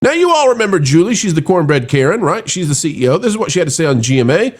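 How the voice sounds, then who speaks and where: A man's voice: sing-song, quick pace. A middle-aged man hosting an opinionated commentary show, talking in a sarcastic, mocking way. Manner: dramatic swings between high and low voice.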